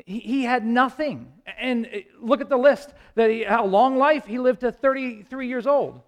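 A man preaching a sermon with impassioned delivery, swinging between loud rises and hushed low passages, with halting restarts. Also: muffled recording. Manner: impassioned, rising and falling, dramatic pauses.

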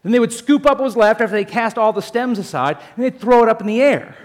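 A male pastor with a fairly high voice delivers a sermon in an animated, storytelling manner. He jokes with his listeners and calls them folks as he moves through the passage. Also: fast talker. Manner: animated, jokey storytelling addressing the congregation as folks.

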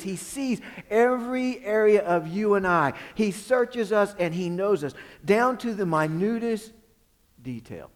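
A man preaching a sermon, swinging between forceful emphasis and hushed, dropped phrases. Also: sits high, in a large hall. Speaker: pastor.

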